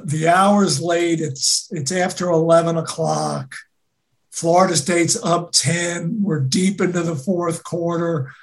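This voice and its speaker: A college football co-host talking in a deliberate, halting way, often repeating words as they start. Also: medium pitch, gravelly. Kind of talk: casual sports talk.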